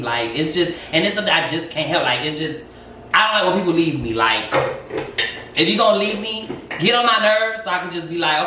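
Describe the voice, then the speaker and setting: Man, open and animated storyteller, slightly high, bright voice, echoey room, mic far off. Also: moderate pace, slight background noise. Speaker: co-host. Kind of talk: casual chat. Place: home kitchen.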